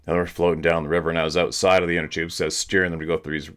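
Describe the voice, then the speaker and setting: Low-voiced laid-back man telling stories. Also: level tone, very fast, a bit bright. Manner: laid-back storyteller, swears freely, laughs often. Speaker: host. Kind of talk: casual chat. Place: at home. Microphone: laptop camera.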